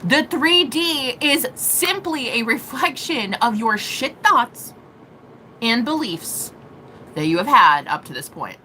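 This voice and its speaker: Swearing witchy woman vlogging, super animated, high bright voice, laughs a lot. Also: a little hiss or hum, poor audio. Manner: profane, dramatic, laughing, rapid bursts. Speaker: spiritual reader and witch. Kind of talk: casual spiritual vlog monologue.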